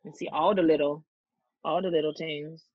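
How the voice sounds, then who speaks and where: A man talks in an easygoing, mellow way among friends. His voice comes through dull and lo-fi, in a dry spot with no room sound. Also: on the high side, normal speed, no echo. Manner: relaxed, mellow stoner talk. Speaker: podcast co-host. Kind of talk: casual chat.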